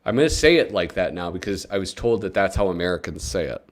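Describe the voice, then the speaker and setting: A male live-stream host talking to his chat in a loose, joking way. His pitch swings widely between low asides and high bursts of excitement. He sounds casual and playful as he reads from a comic magazine. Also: quick pace, few pauses. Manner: animated and joking, with sudden excited yelps; talks to chat viewers.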